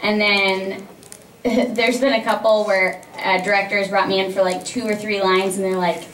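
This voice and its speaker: A woman's voice: medium pitch, normal speed. A woman voice actress answering audience questions on a convention panel, animatedly acting out stories and laughing often. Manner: animated storyteller who acts out quoted exchanges and laughs often. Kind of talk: casual audience Q&A. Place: large convention panel room. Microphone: filmed from the audience by a distant camera. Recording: echoey hall recorded from far off with faint hum.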